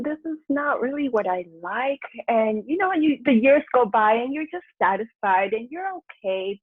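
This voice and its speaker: A woman who mentors people in personal transformation tells her life story as a guest in a candid interview, chatting, laughing often and acting out what she used to think. Her mid-range voice is husky, and the phone-like recording is dry with no echo.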